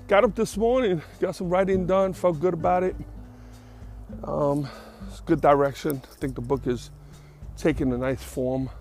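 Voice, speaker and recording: This podcast host talks alone in a loose, chatty way, drifting off topic and fixing his own words as he goes. His voice sits mid-range with a darkish tone, and he's slightly winded.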